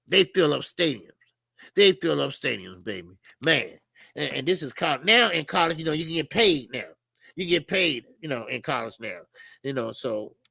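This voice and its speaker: A middle-aged Southern US man talks loosely about boxing, laughing, cussing and greeting viewers. His voice sits high and bright with a gravelly edge. The sound is close and dry. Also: no echo. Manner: loose, laughing, swears freely, chatty with viewers. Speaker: boxing show host. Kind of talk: casual live-stream chat.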